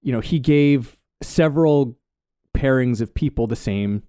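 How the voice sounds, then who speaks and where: A man's voice: mid-range voice, a little slow, mellow, clean tone, no room sound, clean studio sound. A man co-hosting a podcast, telling a story with many hesitations and fillers. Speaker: podcast co-host. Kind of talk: casual conversational podcast.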